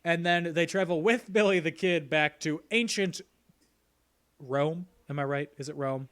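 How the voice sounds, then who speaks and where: A man's voice: a little high, measured pace, clean tone. Joking man recapping on a podcast. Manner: relaxed recapping, joking, light laughs. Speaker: podcast co-host. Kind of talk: casual chat.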